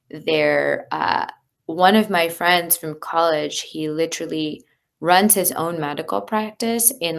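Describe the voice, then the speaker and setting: A woman's voice: sits low, creaky. A woman, a leadership coach, talking candidly and earnestly as an interview guest, with many fillers. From United States. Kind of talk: conversational interview.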